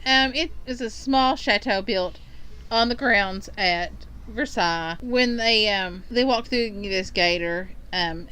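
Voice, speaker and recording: A woman's voice: medium pitch, pushed and bright, smooth, low-quality recording. A woman from Kentucky, co-hosting a podcast and recounting a story in a rambling, casual way with frequent ums. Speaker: podcast co-host.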